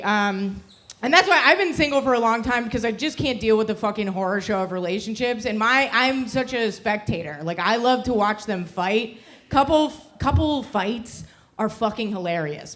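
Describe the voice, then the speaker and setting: A young adult woman performing a brash, crude stand-up set, often laughing at her own jokes. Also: on the high side. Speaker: stand-up comic.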